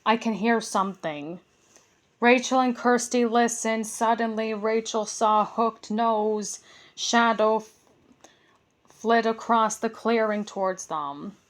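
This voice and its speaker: Woman reading a kids' bedtime story, slow, gentle and a bit high. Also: fairly even intonation.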